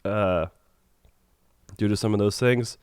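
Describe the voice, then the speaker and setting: A young man with a head cold and a nasal voice, chatting casually as a podcast co-host with halting restarts. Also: lowish voice, steady tone, clean tone, dry recording, studio quality. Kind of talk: casual chat.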